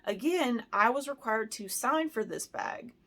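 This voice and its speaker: A woman's voice: fairly high pitch, animated, measured pace, fairly bright tone. A woman from the United States telling a storytime in a casual vlog, heated and emotional, with lots of "like" and "you know". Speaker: handbag vlogger.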